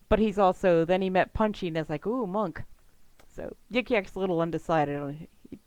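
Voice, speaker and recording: A woman running a tabletop game as game master, chatty and quick to laugh. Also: on the low side, a little mellow, clean tone, no echo, low-quality recording.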